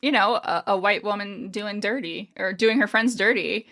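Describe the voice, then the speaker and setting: A woman's voice: mid-range voice, moderate pace, fairly bright tone. A woman co-hosting a podcast in casual chat, chatty, laughing often and swearing freely. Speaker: podcast co-host.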